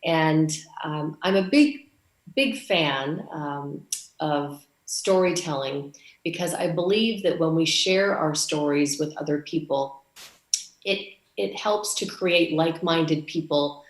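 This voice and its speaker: A woman's voice: sits low, takes it slowly, reverberant. A woman from Canada giving a conference speech, telling a story and acting out the dialogue. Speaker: conference speaker.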